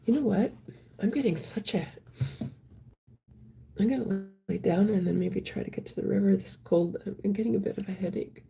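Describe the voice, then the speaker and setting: A woman casually chatting on a live stream, reading viewer comments aloud in a soft voice that often drops to a whisper. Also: mid-range voice, normal speed, creaky, long pauses.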